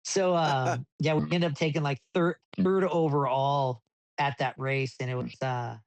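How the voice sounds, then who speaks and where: A desert racing driver, guesting on a podcast, tells stories in a casual interview, rambling and frequently restarting but growing animated as he retells events. His medium-pitched voice is creaky and a little slow, recorded dry on a close mic.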